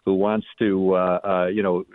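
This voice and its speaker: A man's voice: sits low, flat delivery, normal speed, no room sound. A middle-aged man, a former state senator calling into a radio talk show, chatting and telling stories with frequent restarts. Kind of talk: casual radio call-in chat. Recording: tinny phone line.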